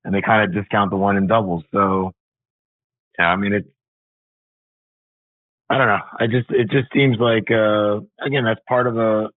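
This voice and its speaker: A man who is a tennis coach, a guest on a podcast in casual chat, talking in an unhurried way with fillers. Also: on the low side, steady tone, no echo. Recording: tinny phone-like line.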